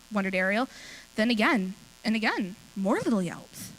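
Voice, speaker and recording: A woman reading a short story aloud at a talent show, with expressive storytelling. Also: mid-range voice, moderate pace, rough recording.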